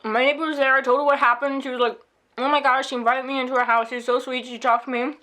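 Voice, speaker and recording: A woman vlogging at home, shaken and upset, telling a story in a rushed, animated way and acting out the people in it. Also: sits high. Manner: animated, rushed retelling with quoted voices. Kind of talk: casual storytelling vlog. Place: at home indoors.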